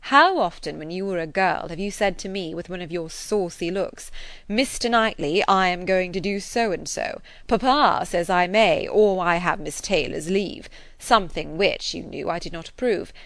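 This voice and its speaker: A woman voicing an earnest, affectionate gentleman who gently reproves the woman he loves, in an audiobook reading. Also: on the low side, expressive, normal speed, hardly any pauses, no echo.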